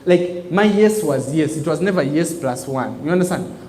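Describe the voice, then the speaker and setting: A man's voice: a little high, normal speed, slight background noise. A man giving a motivational business talk to a live audience, calling out prompts for the crowd to answer. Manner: call-and-response preaching, emphatic, animated. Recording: echoey hall with long reverb.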